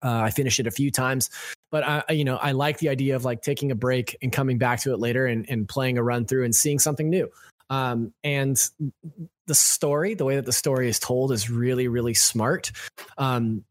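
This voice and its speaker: Podcast guy gushing about stuff, loose and rambly, normal pitch, dry sound. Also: steady tone, fairly quick, dry recording. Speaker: podcast co-host. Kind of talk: casual podcast chat.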